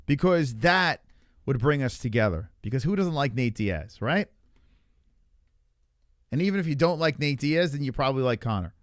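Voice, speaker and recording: A man's voice: medium pitch, expressive, normal speed, long pauses, no echo, studio quality. A young man streaming live, ranting loosely about fights with lots of swearing and reacting to chat. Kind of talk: livestream fight talk.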